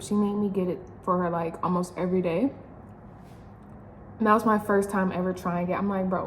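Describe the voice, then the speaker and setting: A woman's voice: mid-range voice, a little mellow, reverberant, a little hiss or hum. A young pregnant woman chatting casually while she cooks in her home kitchen, rambling and laughing often. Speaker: vlogger.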